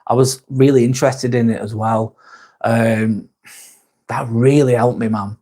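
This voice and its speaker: A man in his forties talks at a middling pitch on a live vlog. He rambles candidly from one thought to the next, with swearing scattered all through the chat. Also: fairly even intonation, unhurried, mellow. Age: 40s. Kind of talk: casual live-stream chat.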